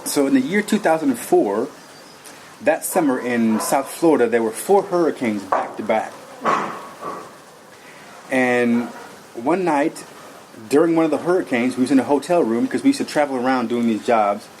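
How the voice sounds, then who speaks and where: A man's voice: mid-range voice, normal speed, pauses often, a little mellow, rough recording. Guy telling his life story, earnest and rambly, lots of um and you know, faint hiss behind. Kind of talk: personal testimony.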